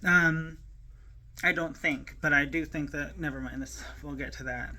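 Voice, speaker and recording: Near tears, a woman recounts a personal story to the camera, her speech halting and rambling, full of fillers and restarts. Her low-pitched voice is pushed and bright, with fairly even intonation.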